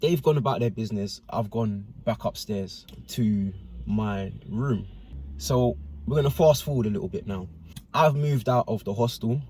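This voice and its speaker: A man's voice: lowish voice, moderate pace, darkish tone, slight background noise. A man telling a casual personal story to camera in slangy speech with constant tag questions.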